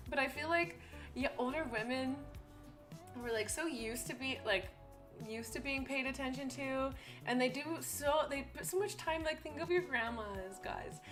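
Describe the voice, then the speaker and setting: A woman's voice: sits high, fairly bright tone. Chatty, giggly young woman streaming. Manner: chatty and giggly, acts out quoted voices. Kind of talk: casual chat on a live stream.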